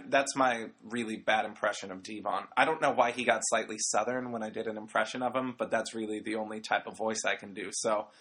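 A man's voice: medium pitch, sharp tone. A man hosting an audio recap of a wrestling show, talking in a casual, rambling way with jokey asides. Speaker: wrestling podcast host.

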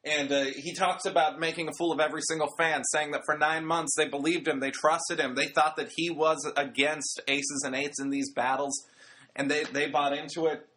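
A man with a bright, forceful voice sitting a little high for a man. He recaps a wrestling broadcast in a loose, rambling chat, breaking off for jokey asides. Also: little pitch movement, moderate pace. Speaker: wrestling podcast host. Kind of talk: casual recap commentary.

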